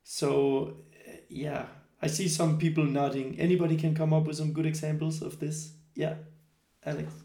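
A man who is not a native English speaker leads a group workshop. He talks haltingly, thinking aloud with many fillers. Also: fairly high pitch, level tone, vocal fry, dark tone. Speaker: workshop leader. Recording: echoey room.

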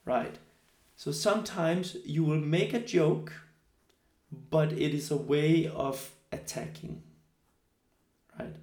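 A man who is not a native English speaker leads a group workshop. He talks haltingly, thinking aloud with many fillers. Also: fairly high pitch, a little mellow. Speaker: workshop leader. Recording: echoey room.

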